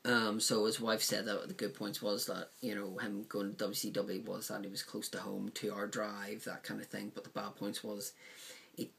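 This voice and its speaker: A man's voice: on the low side, flat delivery, normal speed, gravelly, fairly bright tone. A man casually reviewing a DVD set, rambling with frequent ums and likes.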